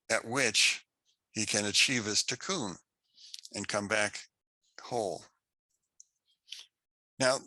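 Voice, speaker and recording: Slow, bright-voiced male Torah teacher. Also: lowish voice, no room sound. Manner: slow, halting storytelling with many restarts. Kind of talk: unscripted Bible class lecture.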